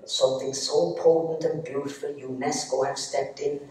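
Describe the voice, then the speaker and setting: On an arts centre stage, an Irish stand-up storyteller tells comic stories live in a cheeky, teasing way. His fairly high voice is warm, with little pitch movement, at normal speed. The hall is echoey and the mic distant.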